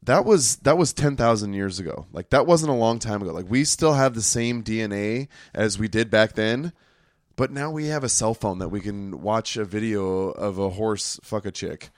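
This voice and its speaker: A man's voice: on the low side, normal speed, no echo, clean studio sound. A man chatting casually on a podcast, musing in a laid-back way. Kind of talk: casual chat.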